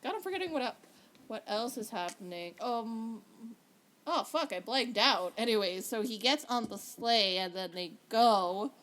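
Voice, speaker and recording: A woman's voice: a little high, animated, moderate pace, fairly bright tone. A young woman co-hosting a podcast, joking and rambling in casual chat. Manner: joking, rambling, trails off and restarts. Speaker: podcast co-host.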